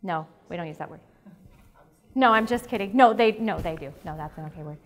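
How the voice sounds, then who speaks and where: A woman's voice: fairly low pitch, fairly quick. A woman presenting at a conference, talking frankly and chatty, with jokes, as a psychology teacher. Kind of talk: candid conference talk. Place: conference breakout room.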